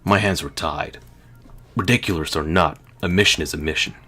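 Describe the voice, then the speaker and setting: A man reading a video game's first-person text as a gruff male soldier, in a dry narrating manner. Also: sits low, moderate pace, bright, forceful tone, soft background music.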